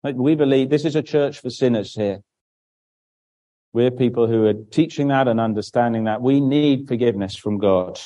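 A man with a mellow, dark-toned voice gives a children's Bible talk in church. He keeps the explanation simple, asks the children questions and answers them himself, and often restarts his sentences while he draws. His pitch sits in an ordinary middle range for a man. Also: moderate pace, rough recording. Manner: draws on a board while speaking, with frequent restarts.

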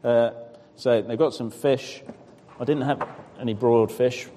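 A man at a middle pitch leads the reading and questioning. His voice carries a long reverb, as if heard across a church hall. He pauses for answers and encourages the people in front of him. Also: fairly even intonation, noisy background. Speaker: preacher. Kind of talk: scripture reading and interactive teaching.

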